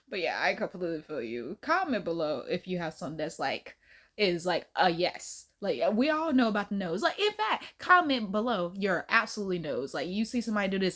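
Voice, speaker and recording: A woman host chatting casually in reaction, giggly and animated. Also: normal speed. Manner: animated and giggly, swooping pitch.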